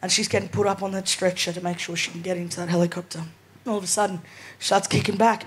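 Talking fast with a medium pitch and fairly even intonation, an Australian woman in her twenties performs stand-up comedy at a live venue. She's a chatty storyteller who laughs often and keeps asking "right?".

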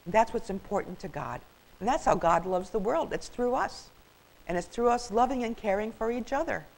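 An older woman reads a children's story aloud in a warm, expressive, grandmotherly manner. Her voice has a gravelly texture, and her pitch rises and falls in lively sweeps. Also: moderate pace, low-quality recording.

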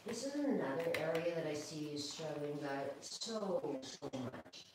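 Woman groomer, chatty, calm teaching tone, lowish voice, heard from off-mic in a very echoey room. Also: a little slow, far from the mic, background noise. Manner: chatty and calm, talks to the dog. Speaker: dog groomer. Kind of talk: live grooming demonstration.

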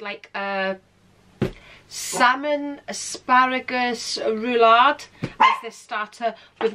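A woman's voice: a little high, background noise. A woman vlogging casually to camera in her room at home, chatting, laughing often and sometimes talking with food in her mouth.

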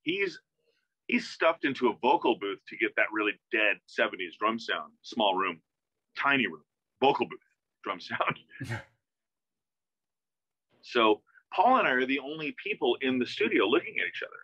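A man, a musician guest in a casual interview, telling an animated story that acts out quoted dialogue, with many restarts, heard over a video call. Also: mid-range voice, normal speed, pauses often, slightly rough, no echo. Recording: dull, dry video-call audio.

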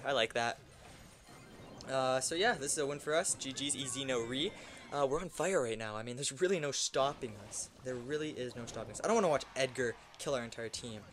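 A young man giving loose, excitable commentary over his own gameplay, swearing and shouting at wins and losses. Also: medium pitch, moderate pace, pauses often, a little hiss or hum. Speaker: gaming YouTuber.

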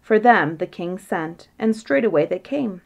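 A woman narrating a bedtime fairytale in a measured, gentle manner. Her voice is mid-pitched, and she keeps an even, unhurried storytelling pace. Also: creaky, highs cut off.

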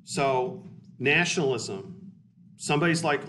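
Brief: male teacher, casual blunt lecture, mid pitch, distant mic. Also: normal speed, fairly bright tone. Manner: blunt, conversational, explanatory. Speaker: history teacher. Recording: distant mic with faint hiss.

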